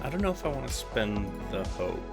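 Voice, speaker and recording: A man's voice: mid-range voice, very animated, fairly quick, gravelly, over music. A young man playing a tabletop game, blunt and joking, swearing often. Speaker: player.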